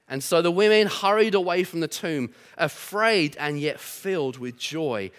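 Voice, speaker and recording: Man, pastor giving a sermon in church, bright voice, slightly high, storytelling with voiced quotes. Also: lively intonation, unhurried, hardly any pauses. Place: church hall.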